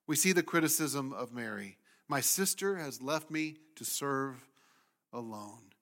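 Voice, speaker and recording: A man preaching a sermon as pastor, speaking with animated emphasis and sometimes voicing the complaints of people in the story. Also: a little high.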